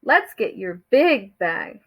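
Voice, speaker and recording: A woman voicing an excitable young frog in a children's storybook, stretching out her words for emphasis. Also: medium pitch, husky, full character voice. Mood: eager. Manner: slow, stretched, emphatic delivery. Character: playful excitable young frog, easily delighted.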